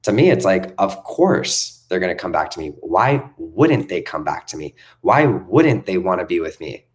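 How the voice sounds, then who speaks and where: A young man with a fairly low voice rants as a self-help coach, speaking off the cuff. He talks emphatically, piles up repeated phrases and swears freely. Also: sing-song, moderate pace. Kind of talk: unscripted motivational rant.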